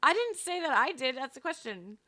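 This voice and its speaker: Bright, matter-of-fact woman. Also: high-pitched, very animated, a little fast, no room sound, studio quality. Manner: matter-of-fact, often laughing. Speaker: podcast co-host. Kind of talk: casual chat, reading quiz questions.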